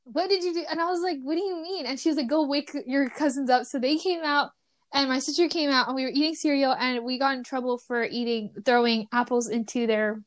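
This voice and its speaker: A young woman hosting a podcast, telling a childhood story in casual chat, animated and full of fillers. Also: high-pitched, fairly quick. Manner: animated, many fillers, laughs while telling. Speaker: podcast host.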